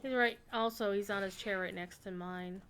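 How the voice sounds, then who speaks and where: A woman's voice: mid-range voice, fairly even intonation, normal speed, a bit bright, a little hiss or hum. A woman streaming an online role-playing game, chatting casually as she plays and talking to her pets. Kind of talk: casual gameplay commentary.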